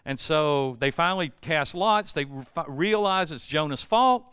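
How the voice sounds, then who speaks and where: A man's voice: a little high, expressive, a little slow, fairly bright tone, smooth, no echo, studio quality. A man preaching a sermon, storytelling and then building emphatic repeated refrains. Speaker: pastor.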